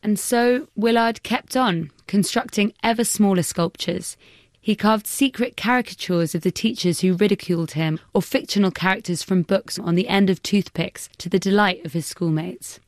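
A woman reading the scripted narration of a documentary in a measured, even way. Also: medium pitch.

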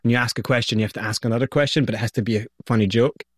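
A guest in an interview, this Scottish-accented man tells his story energetically and vividly, acting out what people said. He speaks very fast at a medium pitch, in a studio-quality recording without echo.

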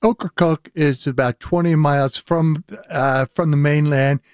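A man who is a linguistics professor, speaking as a guest on a radio show with halting restarts. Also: fairly high pitch, no echo, clean studio sound. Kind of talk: radio interview. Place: radio studio.

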